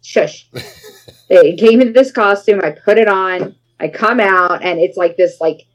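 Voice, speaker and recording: A woman in her forties, a guest in a casual interview, telling a story with dramatic, animated retellings and acted-out quotes. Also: mid-range voice, measured pace, poor audio.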